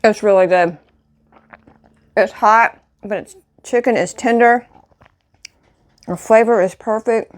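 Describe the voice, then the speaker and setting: A woman's voice: mid-range voice, takes it slowly, long pauses. A woman hosting a casual home cooking video, chatting through the steps and tasting the dish on camera. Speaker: cooking channel host.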